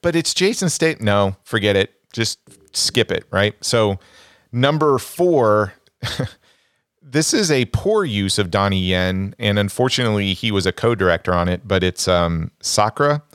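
Blunt low-voiced man ranking bad films. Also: expressive, a little slow, fairly bright tone, smooth, dry recording, clean studio sound. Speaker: podcast co-host. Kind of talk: casual movie podcast chat.

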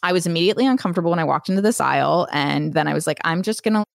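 A young adult woman hosting a podcast in casual chat, frank and quick to laugh, swearing freely. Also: low-pitched, vocal fry, no echo, clean studio sound. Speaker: podcast host.

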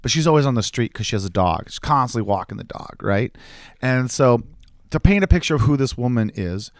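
A young man in casual chat, telling a story with animated quoted voices. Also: medium pitch, a little fast, dry recording, studio quality. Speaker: podcast co-host.

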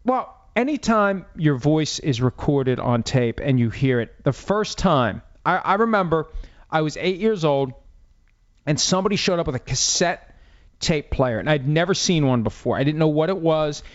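A man hosts a casual sports podcast in a smooth, resonant voice. He rambles wryly and makes fun of himself. The sound is a little dull and lo-fi. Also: on the high side, animated, normal speed. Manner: wry, self-deprecating, rambling. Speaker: podcast host.

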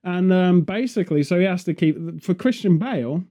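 A man's voice: sits high, animated, fairly quick, warm tone. A man chatting casually outdoors in a field, rambling off on jokey tangents. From England. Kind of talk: casual chat.

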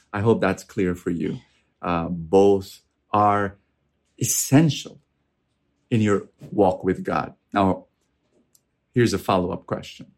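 A man giving a conversational faith talk, earnest and emphatic, often repeating words as he stresses a point. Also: sits low. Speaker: preacher answering audience questions.

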